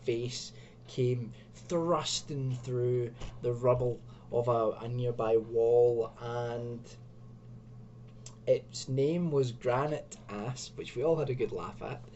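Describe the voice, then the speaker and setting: A man's voice: mid-range voice, fairly even intonation, slow pace, mellow. A man hosting his own video channel, reading a choose-your-own-adventure book aloud with chatty, self-mocking asides, in a dull home recording with faint hum. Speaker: video host. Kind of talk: reading and commenting on an adventure gamebook.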